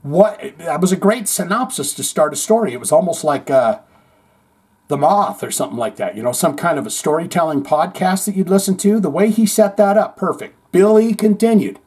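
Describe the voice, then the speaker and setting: Husky, high, lively man hosting news. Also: fairly quick. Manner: jokey asides, playful reading. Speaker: podcast host. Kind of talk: comedic news commentary.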